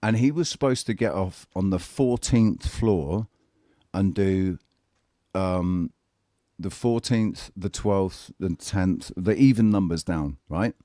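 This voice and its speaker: Candid low-voiced man telling a story. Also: mellow, no echo, studio quality. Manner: candid, blunt storytelling with swearing; halting, with frequent restarts. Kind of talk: casual chat.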